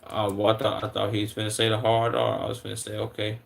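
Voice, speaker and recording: A man's voice: fairly low pitch, monotone, quick pace, gravelly. A man in his twenties from Chicago, reacting casually on a live stream in a slangy way, often incredulous and stuttering over his words. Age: 20s.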